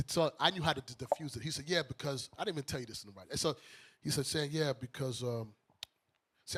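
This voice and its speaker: A man from Brooklyn tells a story in a high, bright voice, playing both sides of the conversation. His casual banter keeps moving. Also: husky. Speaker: bishop, radio show host.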